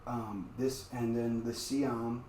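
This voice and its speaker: Man guest, casual animated storyteller, roomy far-off mic, faint hiss behind. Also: medium pitch, slow pace. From United States. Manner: loose and animated, frequent "like" fillers. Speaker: guest, martial arts practitioner. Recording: roomy, distant mic, faint background noise.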